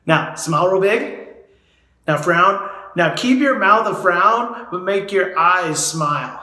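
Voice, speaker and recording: Slow, encouraging male drama teacher, echoey room. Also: high voice, animated, pushed and bright. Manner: encouraging, models each drill for students to repeat. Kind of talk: leading voice and diction warm-ups for children.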